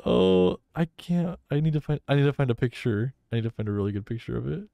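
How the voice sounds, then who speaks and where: A man's voice: mid-range voice, smooth, no room sound. A young man co-hosting a college radio show, chatting loosely and rambling. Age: young adult. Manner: rambling, animated, quick to laugh. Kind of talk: casual chat. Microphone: studio microphone.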